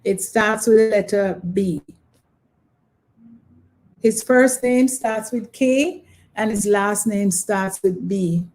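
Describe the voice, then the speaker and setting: Woman, quiz host, slow unhurried delivery, repeats questions, coaxes viewers to answer. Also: medium pitch, darkish tone. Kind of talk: live online trivia quiz.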